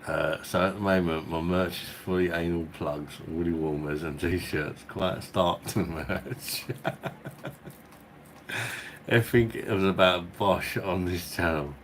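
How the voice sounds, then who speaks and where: A man's voice: sits low, steady tone, measured pace, fairly bright tone, a little hiss or hum. A man, hosting a beer review channel, rambling through a casual story with swearing and chuckles. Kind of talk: casual storytelling chat and viewer Q&A.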